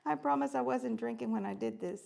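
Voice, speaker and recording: A woman with a high voice and a gravelly, fry-edged texture, chatting casually through a live crafting stream. She keeps it upbeat and chatty, greeting her viewers by name as she works on a project. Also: a little fast, warm tone.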